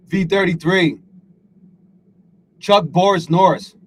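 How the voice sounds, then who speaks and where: A man hosts a live trading stream, rambling, swearing and being hard on himself while greeting chatters by name. His voice is fairly high, his pace measured, and he pauses often.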